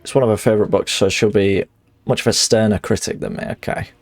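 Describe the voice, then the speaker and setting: A man's voice: fairly low pitch, steady tone, fast talker, a little mellow. A man streaming a game, chatting casually in a rambling, sweary way that often corrects itself.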